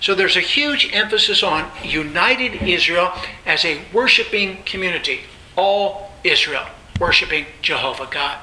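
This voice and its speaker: A man's voice: high voice, expressive, unhurried, pushed and bright, roomy sound, a little hiss or hum, poor audio. A man teaching a Bible lecture, explaining with repeated emphasis and frequent fillers.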